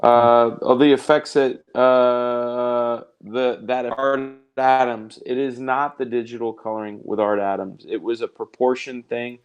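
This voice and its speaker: A man's voice: medium pitch, flat delivery, a little slow, few pauses, smooth, highs cut off. A man hosting a live art stream, chatting casually in a rambling, jokey way and reading out viewer comments. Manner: rambling, self-interrupting, jokey.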